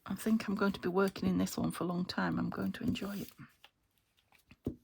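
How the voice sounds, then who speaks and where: A British woman crafting a journal, talking to herself as she works and often trailing into soft half-whispers. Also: medium pitch, little pitch movement, moderate pace, gravelly, slight background noise. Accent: British English. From United Kingdom. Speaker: craft channel host. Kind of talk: casual crafting commentary.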